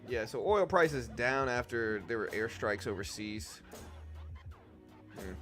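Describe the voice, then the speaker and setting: A man hosting a live trading stream, talking quickly and casually, thinking aloud with slang like dude and bro, on a desk microphone. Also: medium pitch, expressive, a bit bright, soft background music.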